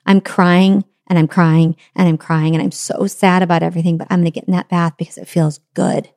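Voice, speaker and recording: A woman's voice: lowish voice, flat delivery, fairly quick, darkish tone, dry recording, clean studio sound. A middle-aged woman giving an earnest self-help talk on letting go, with repeated phrases and rhetorical questions. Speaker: motivational speaker.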